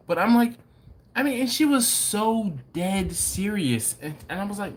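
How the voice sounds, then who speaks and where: A man hosting a live barbecue stream, chatting casually with viewers and acting out people in a story in a high mimicking voice. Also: expressive, moderate pace. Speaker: host of a live BBQ show.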